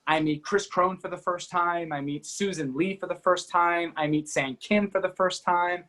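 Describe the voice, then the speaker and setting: A man who is a guest on a podcast, telling a personal story as an energetic, fast-talking storyteller with many fillers like "you know" and "like". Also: high-pitched. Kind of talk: animated storytelling in an interview.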